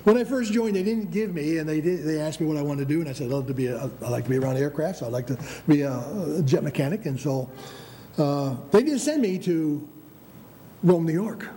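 An older American man preaches with a fairly high yet mellow, relaxed voice. He presses his points, restarts phrases and calls out "Amen?" to the congregation. A faint rumble of background noise sits behind him. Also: fairly quick. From United States. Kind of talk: sermon.

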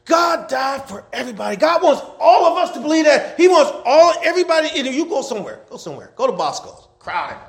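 A man preaching a sermon as pastor, swinging between shouted scripture and quiet, quick asides, repeating key lines for his congregation. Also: extremely high pitch, big pitch swings, gravelly. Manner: repetitive, call-and-response preaching. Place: church with congregation.

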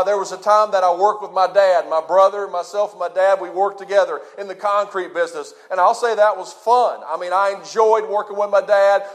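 High-voiced man preaching a sermon. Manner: preacherly, swings from loud emphasis to hushed low drops. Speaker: pastor.

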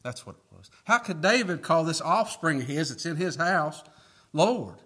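A man's voice: on the high side, expressive, moderate pace, a bit bright, slightly rough. A man preaching a sermon, reading scripture aloud and asking folksy rhetorical questions with emphatic rises.

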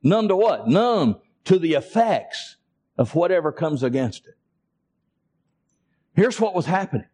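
A high-voiced male pastor preaching to his congregation. He calls out to the people in front of him and asks them to say amen. His delivery climbs steadily toward fervent, near-shouted peaks. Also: big pitch swings, unhurried, long pauses, slightly rough. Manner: preaching with a rising, impassioned build-up; calls to the congregation in a Southern US vernacular. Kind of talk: sermon.

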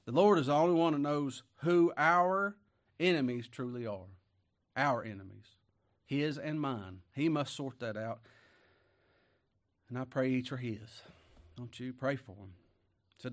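A man preaching a sermon, folksy and emphatic, rising to loud declamation when he reads scripture. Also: mid-range voice, normal speed, pauses often.

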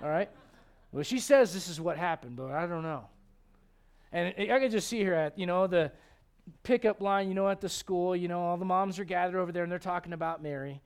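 A middle-aged male pastor preaching a sermon in an animated, joking way. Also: sits high, brisk, clear, resonant tone. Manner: animated, joking, acts out quoted voices.

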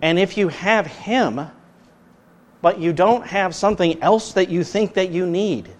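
A man preaching a sermon as pastor, earnest, his voice rising loud and then dropping soft. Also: high voice, unhurried.

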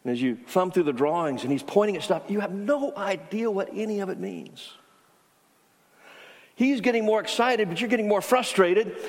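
A man's voice: high-pitched, expressive, moderate pace. A man preaching a sermon as pastor, telling a story in a conversational way with frequent restarts. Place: church sanctuary. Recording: long hall reverb.

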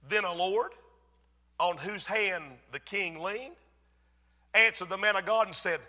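Impassioned high-voiced preacher. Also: male voice, lively intonation, unhurried, pauses often, in a large hall. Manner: impassioned, rising to shouts. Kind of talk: sermon. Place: church.

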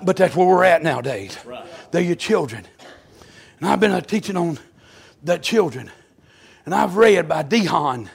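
High-voiced preacher, fervent. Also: male voice, expressive, normal speed, creaky, slightly rough. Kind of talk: revival sermon. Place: church sanctuary.

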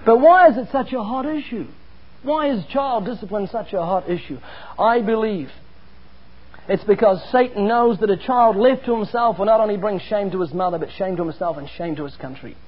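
Husky high-voiced New preacher. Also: male voice, moderate pace. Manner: earnest, emphatic, anecdotal. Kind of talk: sermon with personal stories. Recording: dull lo-fi recording.

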